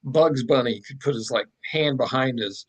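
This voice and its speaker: A man, a podcast guest and artist, telling a story in a casual, animated way with plenty of fillers and asides. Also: mid-range voice, moderate pace, husky, poor audio.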